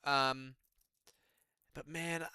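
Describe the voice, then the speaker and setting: A young man casually breaking down fight predictions in an excitable, chatty way, peppered with "man" and "dude". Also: a little high, drawn-out words, clean tone, no room sound, studio quality.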